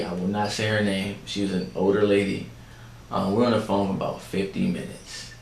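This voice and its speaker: A man hosting a podcast, telling a story in a chatty, animated way and talking straight to his listeners. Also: on the low side. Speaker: podcast host. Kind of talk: casual storytelling chat. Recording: echoey room, faint background noise.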